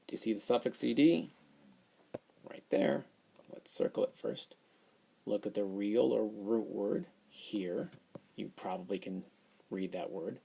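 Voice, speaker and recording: Slow, gravelly male phonics teacher. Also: lowish voice, a little mellow. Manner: methodical, sounds words out aloud and thinks aloud. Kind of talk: phonics lesson explanation.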